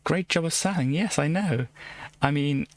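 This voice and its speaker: Halting, wry man streaming a game. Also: a little high, no echo. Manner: halting, repeats words while restarting sentences; wry asides between read passages. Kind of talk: casual live-stream game commentary, reading game text aloud.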